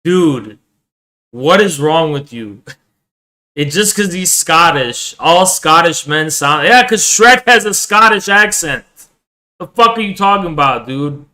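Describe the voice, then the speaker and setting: A man runs a casual livestream and talks straight to his chat, excitable and quick to swear. His voice sits a little high and has a bright edge.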